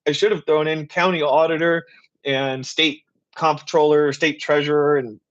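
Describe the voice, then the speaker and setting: A man hosting a live Q and A stream, talking in a passionate, rapid, rambling way. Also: fairly high pitch, steady tone, muffled recording. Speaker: political writer and activist host.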